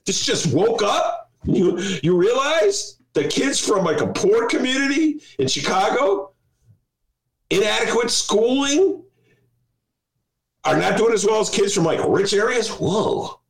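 A man's voice: high voice, creaky. A man hosting a talk show, chatting in a sarcastic, mocking way and laughing often. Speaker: radio show host. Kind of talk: casual comic talk show chat. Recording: roomy echo.

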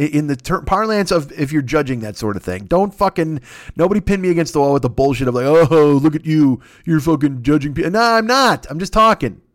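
Lively, profane man ranting on a podcast. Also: on the high side, no room sound, clean studio sound. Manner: profane, rambling, excitable rant. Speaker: podcast host. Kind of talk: solo comedic podcast monologue.

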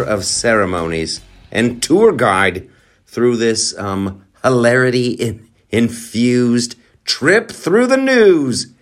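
A man's voice: mid-range voice, sing-song, takes it slowly, faint music behind. A man hosting a comedy podcast, talking in a rambling, profane, sarcastic monologue with lots of fillers. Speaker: podcast host.

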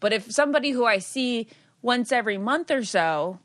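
A woman co-hosting a podcast in casual chat, telling stories in an animated way. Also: on the high side, normal speed, no room sound, clean studio sound. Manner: animated storyteller, acts out quotes. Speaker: podcast co-host.

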